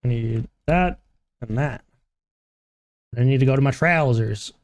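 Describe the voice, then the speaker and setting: A man's voice: mid-range voice, measured pace, darkish tone. A man streaming a game live, chatting casually, joking, humming and talking to himself as he plays.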